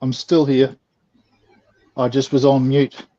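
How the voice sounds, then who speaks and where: Male guest, mellow mid-pitch, laid-back and questioning, lo-fi call sound. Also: monotone, takes it slowly. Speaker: livestream guest. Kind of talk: casual livestream chat. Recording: dull lo-fi line with faint noise.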